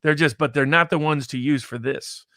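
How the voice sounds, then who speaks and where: A man in a casual podcast discussion, explaining polling quickly with frequent restarts. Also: on the high side, bright, forceful tone, dry recording, studio quality. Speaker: pollster guest.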